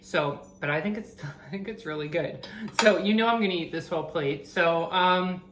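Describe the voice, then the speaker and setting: A woman's voice: lowish voice, normal speed, a bit bright, a little hiss or hum. Chatty woman vlogging in an echoey kitchen. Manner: chatty, self-deprecating, thinks aloud. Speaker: vegan cooking vlogger. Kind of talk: casual cooking vlog. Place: home kitchen. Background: frying and sizzling from the pan.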